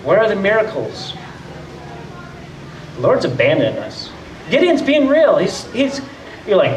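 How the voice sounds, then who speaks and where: With a high voice that swings wildly in pitch, a man preaches at a moderate pace, chatting with his congregation and often voicing the doubters himself. The church hall gives a roomy echo, the mic sits far off, and there's a little hiss or hum.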